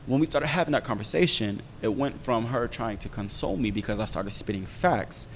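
A young man telling a long personal story in casual chat, profane and animated, often checking in with his listener. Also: fairly low pitch, a little fast, in a large hall, a little hiss or hum. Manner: profane, animated storytelling with frequent "you feel me". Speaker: podcast storyteller.

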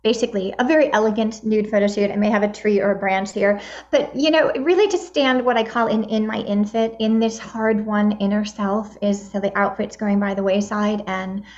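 A woman's voice: medium pitch, steady tone, fairly quick, darkish tone. A woman around sixty, a guest on the show, talking in an upbeat, motivational way. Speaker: guest, midlife empowerment advocate. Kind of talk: interview answers. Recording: dull lo-fi sound.

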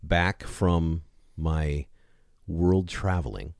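A man's voice: a bass voice, very slow, dry recording, clean studio sound. A man co-hosting a podcast, wisecracking and teasing in casual banter. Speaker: podcast co-host.

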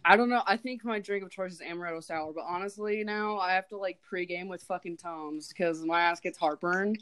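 A woman's voice: lowish voice, a little fast, a bit bright, clear, resonant tone, rough recording. A woman in her early twenties chatting casually, rambling along and filling her speech with "like". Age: early 20s. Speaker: podcast co-host. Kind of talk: casual chat.

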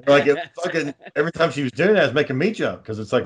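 A man's voice: a little high, expressive, racing. A man co-hosting a podcast in casual chat, giving rambling explanations full of fillers and frequent swearing. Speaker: podcast co-host.

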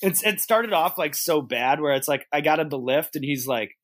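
Podcast guest, a high-pitched man who tells stories animatedly and swears casually. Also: moderate pace. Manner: animated storyteller, swears freely. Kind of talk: casual chat.

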